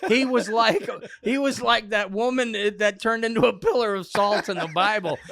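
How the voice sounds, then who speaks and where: A man's voice: high voice, normal speed. A man, a comedian, telling a funny story in a backstage podcast chat, laughing as he goes. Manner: animated, laughs through his telling. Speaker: comedian guest.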